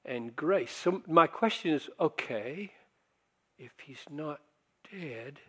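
An older male pastor delivering a sermon at an unhurried pace. His voice sits a little high for a man, and he talks to the congregation like a conversation, then swells into loud, forceful emphasis. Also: expressive, slightly rough.

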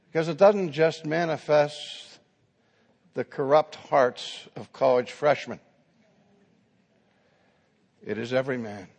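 A man preaching in a large hall, his slow, gravelly voice trailing off into a long reverb. He tells his story with dramatic flair and acts out every exchange. His voice sits a little high for a man. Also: darkish tone. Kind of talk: sermon.

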